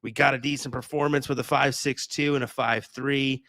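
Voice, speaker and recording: A young man co-commentating on darts in a casual, measured and analytical way, with frequent fillers. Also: medium pitch, steady tone, vocal fry, sharp tone, no room sound, clean studio sound.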